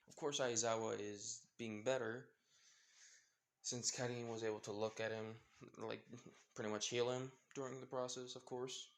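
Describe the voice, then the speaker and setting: A young man improvising a fan fiction story out loud, rambling with many fillers and self-corrections. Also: medium pitch, level tone, normal speed.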